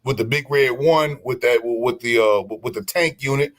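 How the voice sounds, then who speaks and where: A man holding forth on a casual stream, animated and preachy. He restarts his sentences often and keeps circling back to his point. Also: medium pitch, normal speed. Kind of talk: casual chat.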